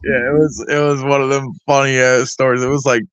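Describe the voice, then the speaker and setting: A man's voice: medium pitch, level tone, fairly quick, fairly bright tone, smooth, dry recording. A man, the guest artist in an interview, tells stories casually, swearing heavily and rambling through plenty of fillers. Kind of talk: casual storytelling. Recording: dry, slightly dull lo-fi sound.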